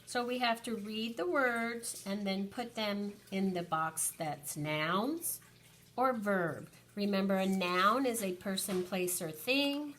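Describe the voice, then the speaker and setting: A woman teacher slowly and patiently counting aloud through an early-grade lesson for young children. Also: mid-range voice, fairly bright tone, a little hiss or hum.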